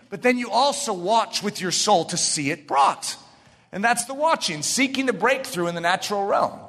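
A man preaching a sermon with mounting passion, often rising to shouts. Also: high-pitched, expressive, normal speed. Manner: impassioned preaching, building to shouts. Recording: reverberant hall.

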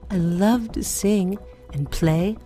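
A woman voicing a gentle young moon elf bard who speaks slowly in a partly whispered, hushed way. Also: medium pitch, faint music behind, lightly acted. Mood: dreamy.

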